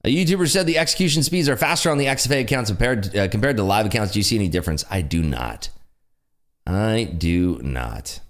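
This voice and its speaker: A man with a loud, projecting voice hosts a casual day-trading livestream. His pitch swings widely as he reads out and answers viewer comments. He is upbeat and eager, with a voice made to fill a room. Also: racing, hardly any pauses. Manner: lively, enthusiastic, frequent laughs.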